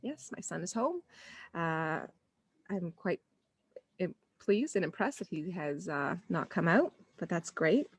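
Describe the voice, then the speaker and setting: A woman's voice: fairly low pitch, sing-song, measured pace, husky, no room sound. A woman parenting coach speaking casually on a live stream, telling stories and acting out quoted dialogue.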